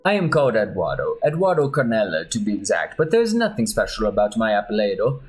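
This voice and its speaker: A man voicing a charming middle-aged male mercenary with a put-on Spanish accent and smooth, persuasive talk. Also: lowish voice, sing-song, fast, soft background music.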